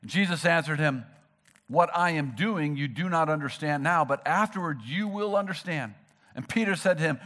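A man delivers a sermon with a fairly high-pitched voice. He is animated, acts out the people he quotes and builds to emphatic peaks. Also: moderate pace. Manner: animated preacher, acting out quoted figures, rising to emphatic peaks. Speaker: pastor.

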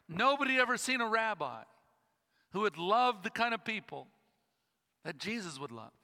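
A man preaches with a high, bright voice, slowing into dramatic pauses as he tells a story. His words ring out with a long reverb in a church hall. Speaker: pastor. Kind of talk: sermon.

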